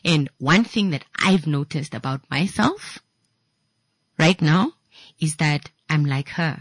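A woman chatting casually, animated and laughing often as she mimics her children shouting. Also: low-pitched, slow pace, no echo. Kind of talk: casual chat.

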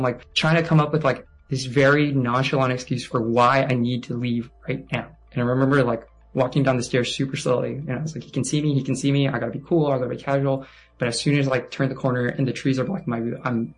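Husky, hesitant young man. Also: medium pitch, poor audio. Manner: halting and hesitant, heavy with fillers; subdued, often drops to a near hush. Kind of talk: personal testimony.

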